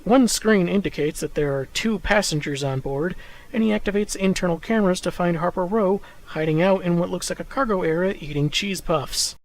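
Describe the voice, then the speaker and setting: A man's voice: high-pitched, a little fast, poor audio. A man recapping comic book issues in scripted narration, with dry, sarcastic asides.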